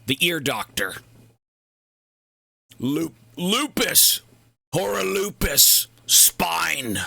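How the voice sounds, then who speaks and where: A man's voice: on the high side, very animated, extremely slow, vocal fry, bright, forceful tone, no echo. A young man streaming a game, chatting casually, rambling and cursing as he goes off on side tangents. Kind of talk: casual livestream chat while gaming.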